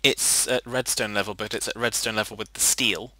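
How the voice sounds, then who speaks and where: Male gamer, low but bright voice, jokey and chatty. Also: fairly even intonation, fairly quick, no echo. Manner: playful, jokey, laughs often. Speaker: player. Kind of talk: casual gaming chat.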